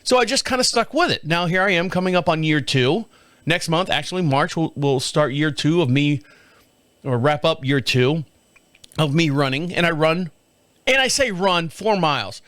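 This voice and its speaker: A man's voice: on the high side, animated, moderate pace, a bit bright, no room sound. A middle-aged man hosting a casual solo podcast, telling rambling, profane, self-mocking stories and laughing at himself. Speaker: podcast host.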